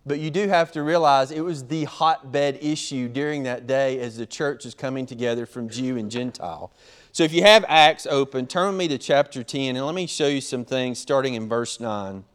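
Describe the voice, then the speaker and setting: A man preaching a sermon, animated, acting out quotes as he teaches. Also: mid-range voice, moderate pace, smooth. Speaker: pastor.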